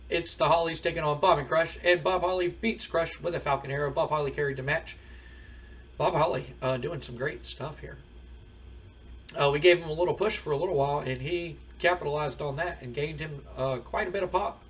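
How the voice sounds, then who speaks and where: A man's voice: on the high side, a bit bright, recorded from a distance. A man recapping a wrestling management game in a rambling, casual way, full of fillers. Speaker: gaming video host. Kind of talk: let's play recap of a wrestling sim.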